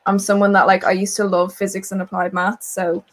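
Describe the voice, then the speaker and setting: A young woman talks with friends, gushing with enthusiasm and filler words. Her voice sits at an ordinary mid pitch. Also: level tone, brisk. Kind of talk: casual group chat.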